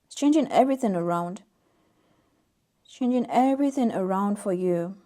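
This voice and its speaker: Mellow-voiced woman giving a tarot reading. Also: mid-range voice, animated, normal speed. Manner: soft-spoken, reads oracle card text aloud with gentle emphasis. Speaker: tarot reader. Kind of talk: intuitive tarot reading to camera.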